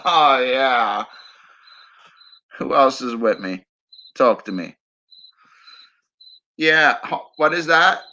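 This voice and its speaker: Late at night on a livestream, a man rambles and teases his viewers, chuckling often. His mid-range voice is animated and sharp, though he speaks slowly with frequent pauses. Crickets chirp behind the slightly dull, lo-fi stream audio.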